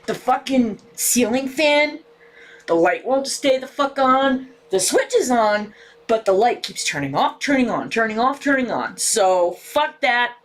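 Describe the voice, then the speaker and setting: Frustrated woman streamer near tears; slow delivery, a little high, heavy profanity. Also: sing-song. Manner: frustrated, swearing constantly. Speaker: livestream host. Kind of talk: casual livestream chat. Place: home room with ceiling fan.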